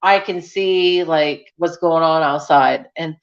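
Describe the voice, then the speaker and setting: Speaking slowly in a low, smooth voice, a woman hosts a casual livestream where she reads comments from viewers and rambles through stories. She talks in a chatty way with many fillers and restarts, and the recording is muffled.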